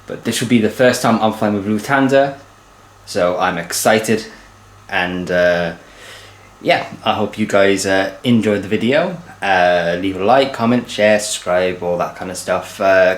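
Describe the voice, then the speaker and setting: A man's voice: on the low side, measured pace, reverberant. A young man chatting casually to camera in a travel vlog at an airport, with many fillers. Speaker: aviation vlogger.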